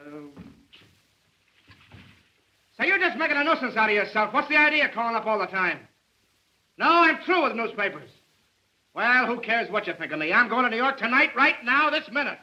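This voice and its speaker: Brash young male reporter, wisecracking, 1930s film, quite high, very bright. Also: big pitch swings, muffled recording, slight background noise, heavily acted. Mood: defiant. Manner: fast, cocky, wheedling. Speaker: newspaper reporter.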